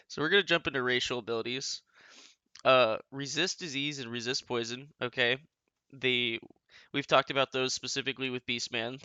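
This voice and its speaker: A man with a bright, smooth voice talks casually through game rules, rambling and restarting often. The recording is dry and dull, with a lo-fi edge. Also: mid-range voice, no echo. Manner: rambling, many restarts and asides. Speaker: host explaining game rules. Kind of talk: casual rulebook explainer.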